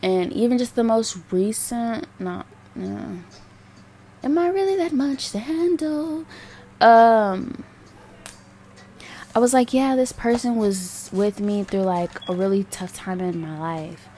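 A young woman talks candidly on her own podcast in a casual solo monologue, rambling with lots of fillers and swearing. Her voice is on the high side and warm, and she takes it slowly.

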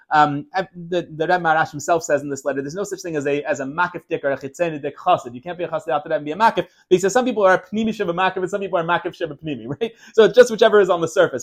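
Fast-talking man teaching a Torah class. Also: a little high. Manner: quick, animated storytelling with many restarts. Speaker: teacher of Chassidus.

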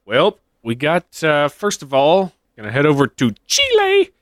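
A man's voice: on the high side, wildly swooping pitch, measured pace, no echo. A man co-hosting a casual podcast, reading sighting reports with dry joking asides. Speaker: podcast co-host.

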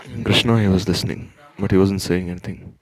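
A man giving a religious lecture, retelling a scripture story in a measured way and often restarting his phrases. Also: deep voice, fairly even intonation, low-quality recording. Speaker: religious speaker.

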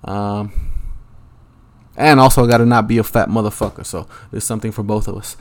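A man's voice: lowish voice, fairly even intonation, fairly quick. Young dude rambling on his podcast, swearing constantly, super laid back. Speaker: podcast host. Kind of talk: casual solo rambling podcast. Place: Los Angeles, at home.

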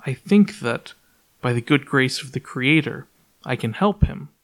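A man playing a quiet, grave stranger. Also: mid-range voice, animated, unhurried. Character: calm, mysterious male stranger.

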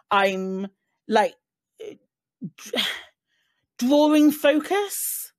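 A woman in casual group chat, talking in halting bursts with many restarts, frequent swearing and laughter. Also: a little high, big pitch swings, dry recording, studio quality.

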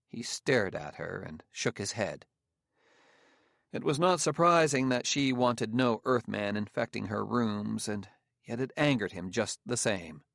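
A man narrating an audiobook in a steady, even storytelling manner. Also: on the low side, unhurried, creaky, no echo, clean studio sound. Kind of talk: scripted narration.

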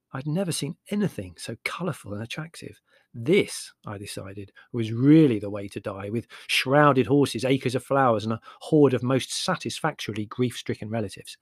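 A man's voice: mid-range voice, dry recording. Man narrating an audiobook in a dry close recording. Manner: measured, wry storytelling.

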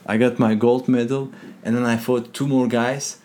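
Animated man telling a fight story. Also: mid-range voice, normal speed. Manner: animated, acts out quotes, non-native grammar. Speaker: guest, jiu-jitsu competitor. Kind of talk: casual storytelling interview.

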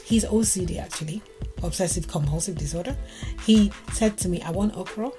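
An African woman with a fairly low voice speaks a little quickly as she tells a story and offers relationship advice. She animatedly acts out the quoted dialogue while music plays in the background.

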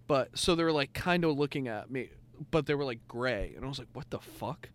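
A man's voice: medium pitch, expressive, a little fast. A young man co-hosting a podcast, telling a long story in casual chat, full of fillers and swearing. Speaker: podcast co-host.

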